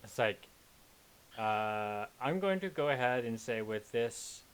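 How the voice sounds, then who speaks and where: Brief: an easygoing game master, halting delivery, mid-pitched voice. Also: male voice, clean tone. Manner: relaxed, halting. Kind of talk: narrating a tabletop game.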